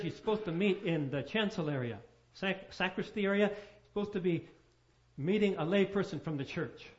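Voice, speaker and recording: Male pastor preaching, storytelling, lots of rhetorical questions, highish voice, muffled lo-fi sound. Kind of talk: sermon.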